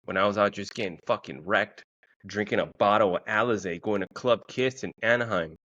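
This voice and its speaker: A low-voiced man, telling a story on his own podcast. He swears freely and jumps up in pitch to act out what he said. The sound is a bit dull and lo-fi. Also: fairly quick, no echo. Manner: profane storytelling, quoting himself in a raised, excited voice. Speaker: podcast host. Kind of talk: casual solo monologue.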